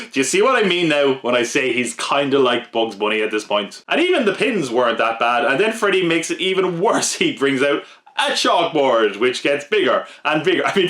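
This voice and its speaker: A man of middle pitch reads his scripted horror-movie countdown with a wry, jokey edge and asides to the listener. He talks plainly and steadily, like a podcast host. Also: fairly bright tone.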